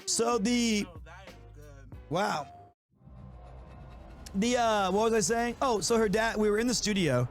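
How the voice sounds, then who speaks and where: High-voiced male streamer, rambling chat. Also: slow, pauses often, soft background music. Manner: rambling, self-interrupting anecdotes. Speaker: streamer hosting a watch party. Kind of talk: casual chat, storytelling to chat. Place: home streaming studio.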